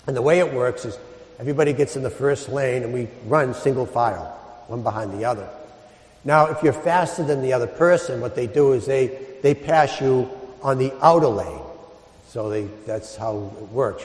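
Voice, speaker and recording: Guy priest giving a homily, middle pitch, lots of questions then quiet slow punchlines, churchy echo. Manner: storytelling, rhetorical questions, soft dramatic drops. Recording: echoey church hall.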